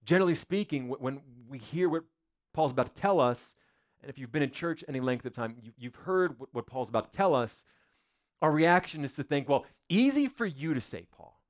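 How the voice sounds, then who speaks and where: A man's voice: medium pitch, fairly quick. A male pastor preaching a sermon in a church, in a conversational, joking way full of rhetorical questions.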